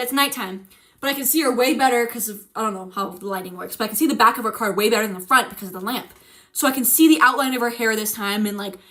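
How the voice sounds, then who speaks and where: A young woman streamer casually telling a ghost story, animated and swearing, acting out the quotes. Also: on the high side.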